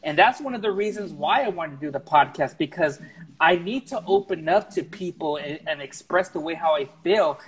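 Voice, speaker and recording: A podcast guest in a casual talk, a man who speaks earnestly and frankly. His voice is a bit husky and sits slightly high for a man. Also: animated, normal speed, low-quality recording. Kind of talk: casual conversation.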